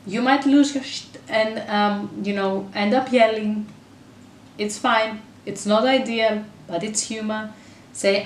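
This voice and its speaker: A woman's voice: mid-range voice, steady tone, slight background noise. Chatty woman vlogging in an echoey room. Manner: earnest, chatty, self-interrupting with quick asides. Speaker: parenting vlogger and mother. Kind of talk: casual advice to camera. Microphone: camera mic. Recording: echoey room, voice a bit far from camera.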